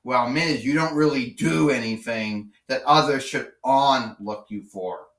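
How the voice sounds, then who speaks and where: Bossy lady wrestling villain, played by a man, taunting and slow-spoken, distant roomy mic. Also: mid-range voice, fairly bright tone, pitched below the performer's own voice. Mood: scolding. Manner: taunting, commanding.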